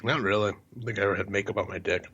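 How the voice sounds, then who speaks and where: A man's voice: on the low side, fairly even intonation, very fast, bright, forceful tone, slightly rough, highs cut off. A man from Ohio co-hosting a podcast, telling rambling, profane stories and laughing through them. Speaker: podcast co-host. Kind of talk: crude casual storytelling.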